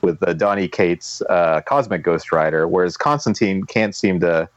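Low-voiced man judging a debate. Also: normal speed, dry recording, dull audio. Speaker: podcast judge. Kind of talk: casual podcast talk.

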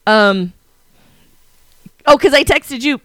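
A woman co-hosting a podcast, telling a story in a casual chat and acting out her own excited reactions. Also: sits high, slow pace, no echo. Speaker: podcast co-host.

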